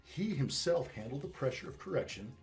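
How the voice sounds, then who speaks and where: Guy dog trainer talking shop, swears a lot, stumbles over repeated words, mid pitch, soft music under it. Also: expressive, a little fast. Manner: emphatic, profane, repeats words when restarting. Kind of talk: casual interview chat.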